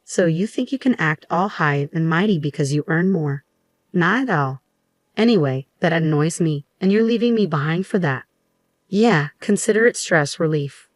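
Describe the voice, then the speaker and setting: A self-centered adult husband, as a woman narrator puts him on, whiny and dismissive in an audio story. The voice sits low and sounds dry and close. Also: lively intonation, normal speed, dry recording.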